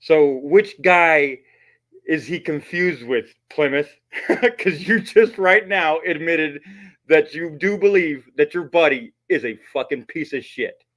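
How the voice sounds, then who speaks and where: A man's voice: a little high, takes it slowly, a bit bright. A man hosting his channel and giving blunt, mocking commentary on a recorded call, swearing often. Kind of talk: profane commentary.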